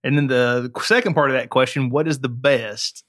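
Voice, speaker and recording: A man co-hosting a podcast, reading listener questions and adding quick, laughing asides in casual chat. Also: mid-range voice, steady tone, fairly bright tone.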